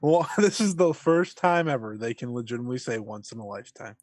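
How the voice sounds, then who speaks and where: A man's voice: mid-range voice, expressive, fast talker, a little mellow, dry recording. A tired man co-hosting a casual wrestling podcast, wry and emphatic in bursts, otherwise sleepy and mumbling. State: tired, yawning. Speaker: podcast co-host.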